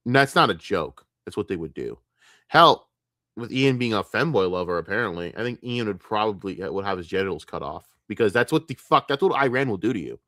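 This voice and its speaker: Male streamer, low voice, furious profane rant, dry close sound. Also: animated, brisk, pushed and bright, dry recording. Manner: angry, profane, emphatic. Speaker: streamer reacting to clips. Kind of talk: heated commentary rant.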